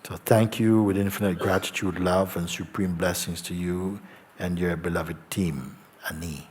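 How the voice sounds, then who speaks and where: Man, spiritual teacher, gentle, low voice, unhurried, faint background ambience. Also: steady tone, slight background noise. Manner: slow, gentle, soft-spoken with long pauses. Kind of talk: satsang talk, reading a letter aloud. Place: outdoor gathering with faint ambience.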